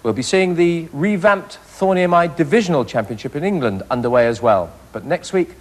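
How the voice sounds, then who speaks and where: A middle-aged man presenting a rugby results programme in a brisk, clipped broadcast manner. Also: fairly high pitch, animated. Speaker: studio presenter.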